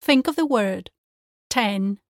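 A woman teaches pronunciation, demonstrating each sound clearly and carefully. Her voice sits a little high, recorded close and dry with no echo. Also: unhurried. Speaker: language teacher. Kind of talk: pronunciation lesson.

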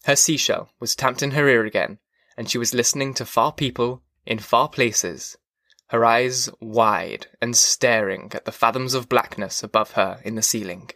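Dry, measured male audiobook narrator. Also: medium pitch, bright, forceful tone, no echo. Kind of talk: scripted narration.

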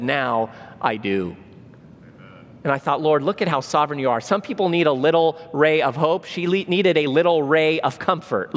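A middle-aged man delivers a sermon as a vivid story, giving each person in it their own lines. His voice sits high for a man. The sound carries a long reverb from a large hall. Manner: animated storyteller, acts out dialogue. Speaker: preacher.

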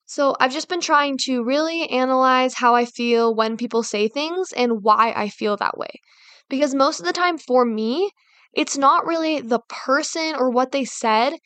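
A woman's voice: a little high, fairly bright tone, no room sound. A woman hosting a casual advice talk, rambling and filling her sentences with "like" and "you know". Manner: rambling, heavy use of fillers like "like" and "you know". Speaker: podcast host.

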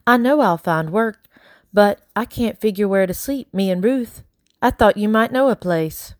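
A woman's voice: mid-range voice, unhurried, no room sound, studio quality, pitched above the performer's own voice, natural voice. A woman voicing a bold, pleading young girl. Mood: earnest. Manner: earnest, pleading, carefully proper. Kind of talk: audiobook character voice.

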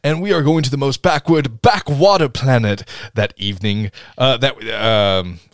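A man co-hosting a podcast in casual chat, animated, laughing often and quoting scenes in goofy voices. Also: mid-range voice, moderate pace, dry recording, clean studio sound. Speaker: podcast co-host.

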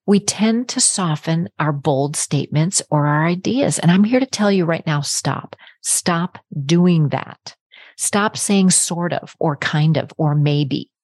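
A woman's voice: deep voice, dry recording, clean studio sound. A woman hosting a self-help podcast, talking straight to the listener in a direct, encouraging way. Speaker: podcast host and coach.

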